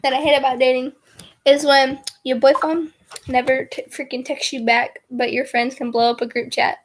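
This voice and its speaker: A young female vlogger with a notably high, level voice tells a casual storytime on camera at a moderate pace. She rambles, giggles frequently, and links her story with filler words, keeping it unpolished.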